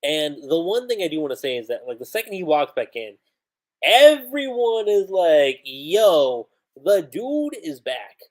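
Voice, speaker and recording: A man casually reviewing a comic chapter on a livestream, animated and chatty, with many fillers. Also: fairly high pitch, moderate pace.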